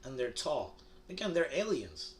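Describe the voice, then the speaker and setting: A man's voice: medium pitch, big pitch swings, moderate pace, slight background noise. A young man from the United States delivering a rambling, crude comedic monologue, full of fillers and restarts. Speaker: comedy vlogger.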